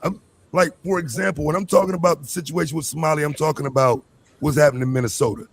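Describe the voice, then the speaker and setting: A man's voice: a little high, steady tone, quick pace, gravelly, a little hiss or hum. A man arguing defensively in a live debate stream, insisting on his point. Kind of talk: heated argument.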